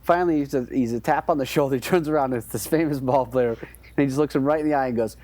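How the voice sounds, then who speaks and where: A man's voice: mid-range voice, fast, a little mellow, dry recording. A man co-hosting a podcast, telling an anecdote in a rambling, hesitant way with many restarts. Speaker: podcast co-host. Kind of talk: casual chat, storytelling.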